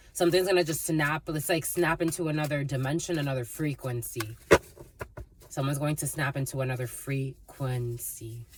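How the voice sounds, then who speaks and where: A woman's voice: low-pitched, a little hiss or hum. A woman giving a channeled tarot reading, rambling and free-associating, calling her listeners "my lovies". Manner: breaks into snatches of song and laughter. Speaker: tarot reader.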